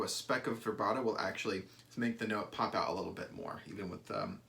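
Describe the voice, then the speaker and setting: A man's voice: on the low side, steady tone, brisk, gravelly, loud music behind the voice. A man teaching a violin lesson, explaining bowing and shifting and counting out beats. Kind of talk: instrumental music lesson. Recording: loud violin playing under the talk.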